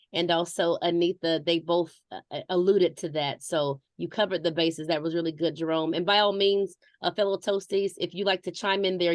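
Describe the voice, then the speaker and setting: A woman's voice: lowish voice, no echo. A woman taking part in an online workshop over a video call, chatty and friendly, with some filler sounds. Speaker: workshop participant.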